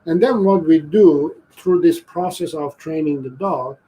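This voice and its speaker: A man who trains dogs, explaining his methods slowly and deliberately during a live video, often restarting his sentences. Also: on the high side, mellow, poor audio. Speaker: dog trainer. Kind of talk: live-stream training advice and Q&A.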